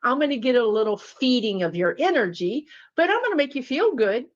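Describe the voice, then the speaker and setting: A woman's voice: on the high side, sing-song, brisk, highs cut off. A woman spiritual teacher telling a story casually to her viewers, talking to them directly. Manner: chatty, talks to viewers directly.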